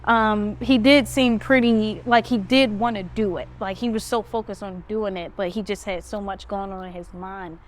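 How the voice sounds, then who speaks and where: Smooth-voiced woman telling a story. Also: normal speed, hardly any pauses. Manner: animated retelling, pitch jumps up when quoting herself. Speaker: podcast host. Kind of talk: casual storytelling. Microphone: phone.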